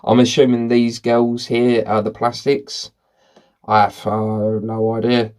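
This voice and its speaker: A man reading movie quiz questions aloud and thinking out loud about the answers in a casual, rambling way. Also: mid-range voice, completely flat delivery, takes it slowly. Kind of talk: casual commentary while taking a quiz.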